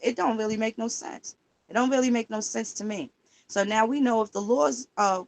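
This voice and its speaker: A woman livestreaming in casual talk, emphatic and profane, firing rhetorical questions while she searches records online. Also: on the high side. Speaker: livestream host.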